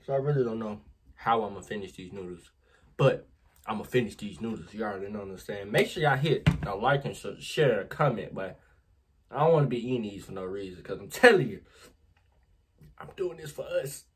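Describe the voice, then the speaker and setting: A man chatting casually to his viewers in a vlog, recorded on a phone camera. His voice is husky and his pitch jumps up and down a lot as he exclaims and speaks straight to the audience. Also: expressive, a little fast. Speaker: vlogger.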